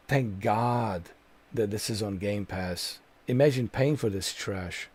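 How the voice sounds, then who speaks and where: In a lowish, darkish voice with a breathy edge, a man speaks slowly as he rants over his gameplay. The gamer streamer is exasperated and profane, hammering the same complaints repeatedly.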